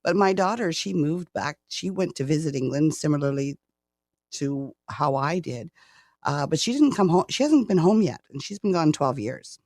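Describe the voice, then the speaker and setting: A woman's voice: sits low, expressive, moderate pace, darkish tone, no room sound, studio quality. A Canadian woman in her sixties, a retiree guest chatting in an interview, who laughs often and repeats words as she starts a sentence. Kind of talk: casual interview chat.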